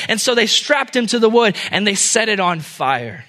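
A man's voice: high voice, expressive, fairly quick, hardly any pauses, bright, forceful tone. A man preaching a sermon, telling a dramatic parable. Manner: dramatic storytelling. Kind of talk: sermon storytelling.

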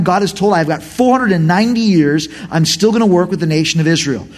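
Brief: middle-aged man, sermon voice, high and expressive, bursts of shouting. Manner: animated, swings from quiet asides to shouted emphasis. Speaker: pastor. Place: church.

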